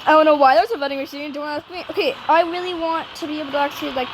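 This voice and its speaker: A woman rambling through casual game commentary, getting excited, shrieking at the game and scolding her dogs. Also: high voice, rapid-fire. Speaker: gaming channel host. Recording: loud background noise. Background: dogs nearby.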